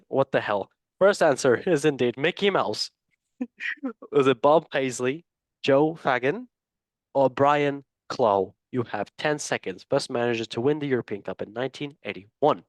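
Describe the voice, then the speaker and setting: A man's voice: mid-range voice, no echo. A man hosting a football quiz on a casual podcast, playful and jokey, swearing and laughing often. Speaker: quiz host.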